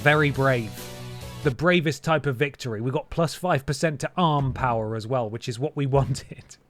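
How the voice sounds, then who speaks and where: A man's voice: mid-range voice, moderate pace. Give me a man calling a video game wrestling match like a joking announcer, with music behind him. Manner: jokey mock-announcer delivery with asides. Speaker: gaming streamer. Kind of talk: playful wrestling commentary over gameplay.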